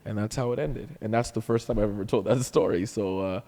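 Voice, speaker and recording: A man from Canada, a comedian guest telling an animated anecdote, acting out the voices of others and often laughing. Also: on the low side, a little fast, big-room sound. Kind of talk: storytelling anecdote.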